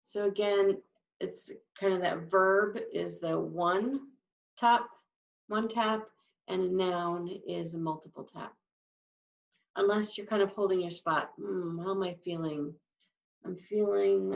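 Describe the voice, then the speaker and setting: A woman teaches sign language at an unhurried pace, describing hand shapes and faces one step at a time. Her voice has a gravelly texture. The recording is dull and lo-fi, picked up from some distance. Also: lowish voice, roomy sound. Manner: explains each sign step by step, drawn-out words. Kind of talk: slow, patient instruction.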